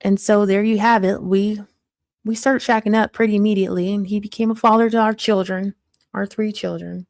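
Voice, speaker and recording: A woman's voice: medium pitch, fairly even intonation, fairly quick, creaky, a little mellow, no room sound, natural voice. A woman playing a crass small-town mother of three in a put-on Southern country accent, telling a blunt, gossipy story in a live-streamed character monologue.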